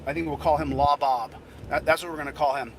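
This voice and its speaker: A man's voice: a little high, fairly even intonation, quick pace, background noise. A man hosting a casual livestream outdoors, hot and sweating, talking in a rambling way with many repeated phrases. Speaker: livestreaming channel host. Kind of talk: casual live-stream chat.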